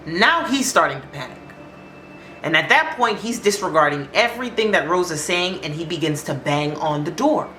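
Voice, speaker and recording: A woman telling a spooky story in a casual, animated way, her low voice rising and falling widely. Her room is echoey and soft music plays underneath. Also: moderate pace, a little hiss or hum. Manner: animated, conversational.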